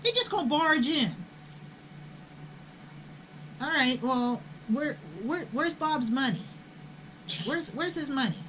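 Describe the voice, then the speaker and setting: A woman's voice: sits high, animated, takes it slowly, long pauses, a bit bright, a little hiss or hum, poor audio. An older woman, telling a family story in a blunt, profane, indignant way. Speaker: host. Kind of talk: casual storytelling.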